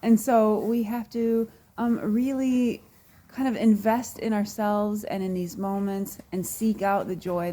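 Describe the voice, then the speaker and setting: A woman speaks directly to her viewers in a reflective, heartfelt way, pausing often and letting out soft sighs. Her voice sits in a middle pitch, and she talks at an unhurried pace. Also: a little hiss or hum. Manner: earnest, emotional, pausing with sighs and laughs. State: near tears. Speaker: wellness show host. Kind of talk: personal reflective talk to viewers.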